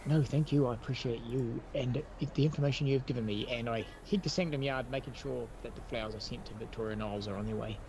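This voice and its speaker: A man's voice: mid-range voice, quick pace, hardly any pauses. A man at a tabletop game, playing his character with a formal, officious air. His voice sits mid-range, and faint hiss runs under the recording. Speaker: tabletop player. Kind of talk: in-character role-play.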